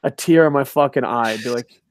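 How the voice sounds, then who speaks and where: A man's voice: medium pitch, brisk. A man co-hosting a casual wrestling chat, sarcastic and swearing freely, laughing at his own jokes. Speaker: podcast co-host.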